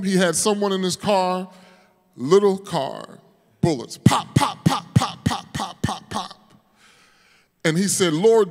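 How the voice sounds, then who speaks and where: High-pitched preacher in a reverberant hall. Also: male voice. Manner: storytelling preacher building to shouted, sing-song climaxes. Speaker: pastor. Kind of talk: sermon. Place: church sanctuary.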